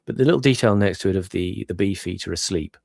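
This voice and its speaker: A man's voice: low-pitched, fast, creaky, a little mellow, no echo. A man talking as a guest in a casual chat, musing and meandering with many asides. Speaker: guest commentator.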